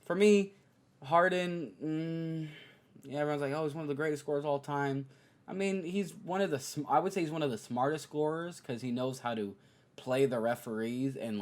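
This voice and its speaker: A young man hosting a podcast talks through his opinions in a loose, casual rant. His voice sits in a middle register. It jumps up high and loud whenever he mocks someone, then drops back to a low, muttered aside. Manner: animated, mocks players in high exaggerated voices. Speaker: podcast host. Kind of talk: casual basketball opinion monologue.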